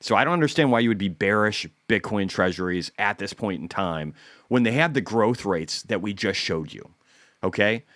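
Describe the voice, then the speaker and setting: A man's voice: fairly low pitch, lively intonation, moderate pace, fairly bright tone, dry recording. A man hosting casual market commentary, talking bluntly and animatedly with occasional profanity. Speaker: host.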